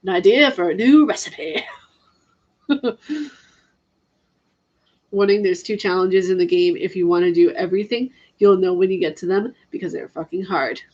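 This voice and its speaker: A woman's voice: lowish voice, steady tone, normal speed, long pauses, a little mellow, dull audio. A woman chatting casually on a live stream about video games, laughing often and answering her chat. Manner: chatty, giggly, reads chat aloud.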